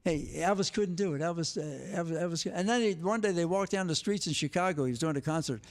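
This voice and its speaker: A man's voice: fairly high pitch, fast talker. An older man, telling stories in an interview, acting out the people he quotes. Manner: lively, animated storytelling, acts out quotes. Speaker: guest, former TV sports director. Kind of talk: storytelling interview.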